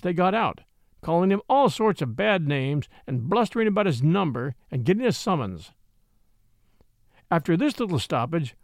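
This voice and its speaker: Lively male audiobook narrator. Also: high-pitched, no room sound. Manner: lively, expressive storytelling. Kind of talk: scripted narration. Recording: dry close recording.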